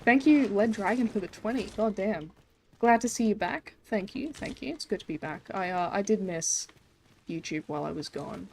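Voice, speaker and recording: A woman's voice: medium pitch, lively intonation, normal speed, gravelly, a little hiss or hum. A young Australian woman streaming a game, chatting casually with many fillers and frequent swearing. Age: young adult. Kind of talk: casual live-stream chat.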